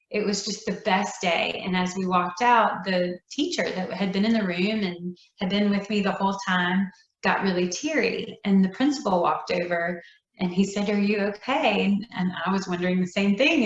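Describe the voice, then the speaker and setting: A woman, a nonprofit's founder, telling a heartfelt story in an interview, earnest and emotional, dropping to soft near-whispers. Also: medium pitch, distant mic. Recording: roomy echo, dull lo-fi sound.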